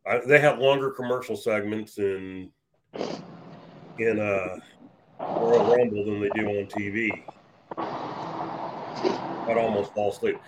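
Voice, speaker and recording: A man's voice: lowish voice, steady tone, slow, pauses often, poor audio. A man co-hosting a casual wrestling podcast, adding dry, wisecracking asides. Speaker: podcast co-host. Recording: clear background noise.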